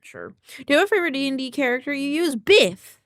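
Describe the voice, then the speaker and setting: A woman streamer chatting casually and excitably on a live stream, often answering her chat, into a desk microphone. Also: high-pitched, rapid-fire, dry recording, studio quality.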